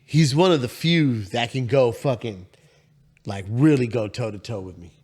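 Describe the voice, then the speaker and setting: A man co-hosting a podcast, telling work stories in a loose, profane, animated way. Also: mid-range voice, normal speed. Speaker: podcast co-host. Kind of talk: casual storytelling chat.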